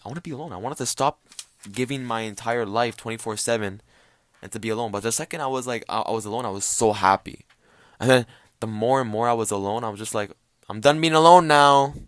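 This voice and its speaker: A young man hosts a solo podcast with a casual rant, rambling and swearing while acting out little quoted voices. His pitch sits fairly low, and there's no echo.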